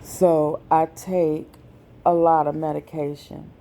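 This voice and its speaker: A woman vlogger, speaking slowly and with feeling in a personal message to her viewers. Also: deep voice, flat delivery, dark tone, slight background noise. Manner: slow, deliberate, emotional.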